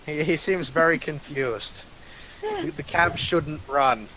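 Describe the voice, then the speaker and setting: A man's voice: fairly high pitch, huge pitch swings, slow, sharp tone, a little hiss or hum, low-quality recording. A man running a tabletop game as game master, narrating with frequent uh's, repeated words and dry, self-mocking asides.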